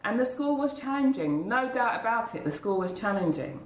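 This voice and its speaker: With a voice on the high side, animated and moderately paced, a school leader recounts a heartfelt personal story in an interview, doing voices for those she quotes. The audio has a roomy echo and slight background noise.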